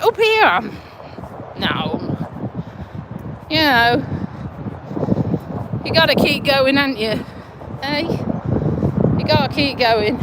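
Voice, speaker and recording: A middle-aged woman chatting casually on a live stream while walking outdoors, self-mocking, swearing lightly and chuckling often, recorded on a phone. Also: high-pitched. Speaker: vlogger. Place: outdoors on a windy walk near roads. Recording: wind and traffic noise outdoors.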